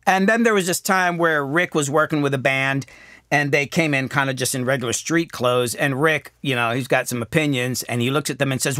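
A middle-aged man, a music producer hosting his own show, telling candid, self-deprecating stories that swing from animated to quietly reflective. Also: fairly high pitch, fairly quick, dry recording, studio quality. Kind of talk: candid storytelling monologue.

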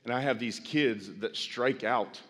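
A middle-aged man preaching a sermon as pastor, folksy with self-deprecating asides, building to loud, impassioned preaching. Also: mid-range voice, unhurried. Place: large church sanctuary. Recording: long church hall reverb.

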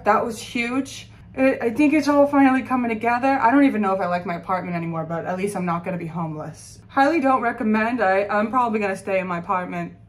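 A woman's voice: medium pitch, low-quality recording. A young woman in her twenties talking casually to her phone camera in her apartment, candid and self-mocking, with lots of fillers. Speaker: vlogger. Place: her apartment in New York.

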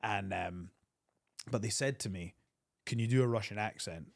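A man, a wrestler telling an animated backstage story as a guest on an interview show. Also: gravelly, no room sound, studio quality. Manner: animated storyteller, quick bursts of pitch.

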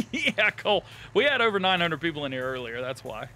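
A man with a drawl hosting a live game stream, chatting casually with viewers, laughing often and thanking them warmly. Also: fairly high pitch, big pitch swings, normal speed. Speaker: live-streaming gamer host. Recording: light game music behind.

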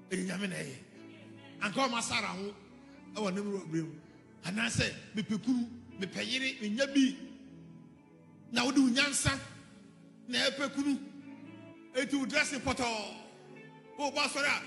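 A man preaching a rousing sermon, rising into loud calls and exclamations. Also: sits high, gravelly. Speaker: apostle preaching. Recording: echoey hall with faint music.

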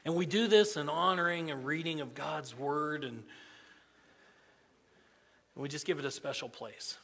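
Earnest preacher guy, bright forceful voice, long church reverb. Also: fairly high pitch, unhurried, gravelly. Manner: earnest, repeats himself, swings from hushed to loud. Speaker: pastor. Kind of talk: sermon. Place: church sanctuary.

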